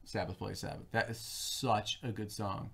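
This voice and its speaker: A man's voice: normal speed, gravelly, breathy edge. A young man co-hosting a live stream, chatting casually in a rambling way. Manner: rambling, animated, jumps between pitches. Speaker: co-host.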